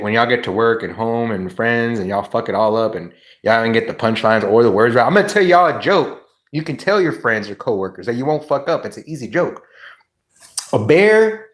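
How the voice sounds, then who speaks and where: A man's voice: medium pitch, moderate pace. A man hosting a livestream, chatting casually and acting out comedy bits he knows by heart. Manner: animated, laughing, reciting comedy bits. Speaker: livestream host. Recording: roomy echo.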